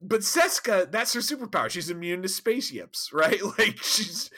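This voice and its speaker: A man co-hosting a casual podcast, recapping an episode in an animated, laughing and profane way. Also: high voice, moderate pace. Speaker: podcast co-host. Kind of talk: casual chat.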